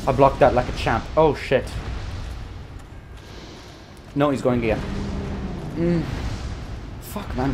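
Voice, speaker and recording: A young man giving profane, frustrated commentary while playing a video game, muttering and then yelling. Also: medium pitch. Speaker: gaming YouTuber. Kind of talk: profane live gameplay commentary.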